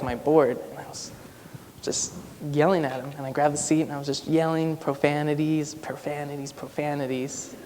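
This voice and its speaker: A man's voice: mid-range voice, darkish tone. Young man telling a story in a hall. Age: young adult. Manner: casual storytelling with many "like" fillers. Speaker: student speaker. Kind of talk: personal story talk. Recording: long hall reverb, faint noise.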